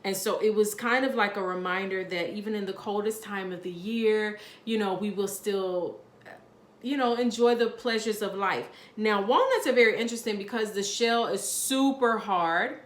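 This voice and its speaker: A woman's voice: mid-range voice, normal speed, echoey room. A woman giving a casual pick-a-card tarot reading, chatty and rambling with lots of fillers.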